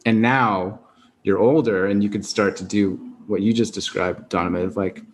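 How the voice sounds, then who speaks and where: A man's voice: on the low side, fairly even intonation, normal speed, a little hiss or hum. A man hosting a podcast interview, reflective and thoughtful, summing up what his guest says. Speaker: podcast host. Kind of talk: conversational interview.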